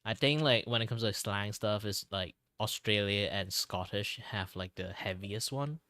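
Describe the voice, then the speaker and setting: A man's voice: lowish voice, moderate pace, sharp tone, no room sound, clean studio sound. A young man from Malaysia chatting casually on a stream, rambling with lots of "like" and repeated words. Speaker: streamer, artist.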